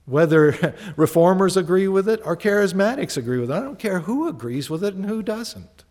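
A man with a somewhat high voice preaches to his congregation, chatty and animated, slipping into quick acted-out conversations. His voice carries a long reverb from the church hall around him. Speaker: pastor. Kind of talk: sermon.

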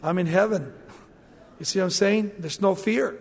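A man preaching a sermon, dramatic and animated, acting out the voices in the passages he quotes. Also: sits high, normal speed, vocal fry, breathy edge, in a large hall.

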